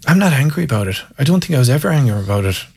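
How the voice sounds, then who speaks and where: A man's voice: medium pitch, sing-song, racing, vocal fry, a little mellow, slightly rough. A man with an Irish accent, a former Gaelic footballer telling wry, candid stories in an interview. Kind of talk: casual storytelling interview.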